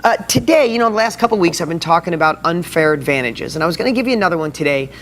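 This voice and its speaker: A man hosting a motivational video blog, talking to viewers in an excited, fired-up way. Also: a little high, racing, a little hiss or hum.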